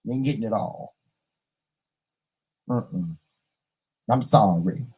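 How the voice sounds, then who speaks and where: A man's voice: fairly low pitch, slow pace, husky, low-quality recording. A man chatting casually with viewers, reading their comments and dramatically acting out little scenes. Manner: animated, dramatic, talks to viewers and acts out scenes. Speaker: vlog host.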